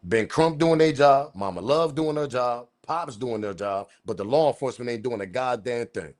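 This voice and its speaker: A man's voice: medium pitch, moderate pace. Emphatic profane male commentator. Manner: profane, emphatic, loud outbursts. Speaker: commentary channel host. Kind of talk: ranting news commentary.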